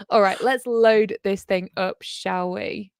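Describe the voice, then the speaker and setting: A woman's voice: medium pitch, slight background noise. A woman hosting a casual reaction livestream, chatty and upbeat with frequent ums and laughs. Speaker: livestream host.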